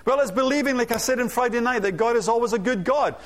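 A man preaching with energy in a high voice. He piles up rhetorical questions and slips in humorous asides. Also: quick pace, fairly bright tone. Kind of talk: sermon.

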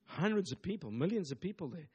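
Male pastor, fairly high voice, emphatic repetitive preaching style. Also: very animated, fast, dark tone, slightly rough. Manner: emphatic, repetitive preaching with call-and-response asides. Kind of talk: sermon.

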